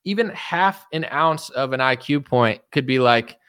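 A man doing casual political commentary, talking quickly and mockingly with many fillers and acted-out quoted voices. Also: medium pitch, lively intonation, a bit bright, smooth, no echo, clean studio sound. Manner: rapid, mocking, full of fillers.

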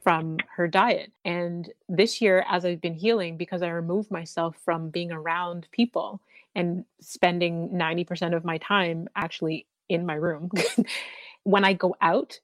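A woman hosting an interview, talking in a thoughtful, measured way about her own experience. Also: on the low side, steady tone, dry recording. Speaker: host. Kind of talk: conversational interview.

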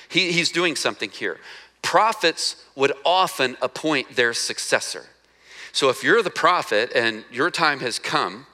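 A man preaching a sermon as pastor, talking conversationally, asking the congregation questions and acting out quoted lines, going soft and slow for scripture. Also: mid-range voice.

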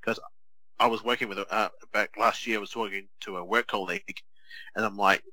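Chatty man, bright dry voice. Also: on the low side, fairly quick, no echo, rough recording. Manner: chatty, animated storytelling with many restarts. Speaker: podcast co-host. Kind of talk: casual chat.

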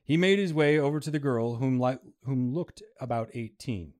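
A man's voice: mid-range voice, normal speed, darkish tone. A man reading a story aloud with dramatic narration. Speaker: story reader.

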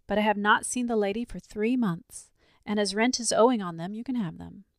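Storybook landlady, deferential and chatty, gravelly edge, read by a woman. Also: medium pitch, brisk, no room sound, clean studio sound, lightly acted. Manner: deferential, saying sir often. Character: respectable middle-aged landlady, talkative.

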